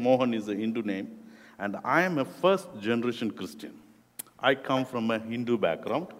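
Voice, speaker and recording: Slow-speaking Indian man preaching in a hall. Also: mid-range voice. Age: middle-aged. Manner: slow, deliberate, with non-native phrasing. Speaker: guest preacher, youth ministry director. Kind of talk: sermon talk to a youth group. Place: echoey church room. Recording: echoey room with long reverb.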